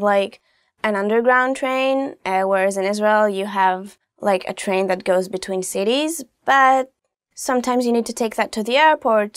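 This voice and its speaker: A woman teaching phrases in a casual video lesson, chatty and quick to laugh, dropping into soft asides now and then. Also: a little high, no room sound, clean studio sound. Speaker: language teacher.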